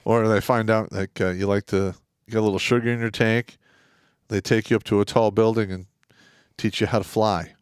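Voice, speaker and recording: A man with a lowish voice co-hosting a livestream, blunt and profane, often tossing in quick agreements. The sound is close and dry, with no room around it. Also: fairly even intonation, clear, resonant tone, no room sound. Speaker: livestream co-host. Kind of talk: casual livestream chat.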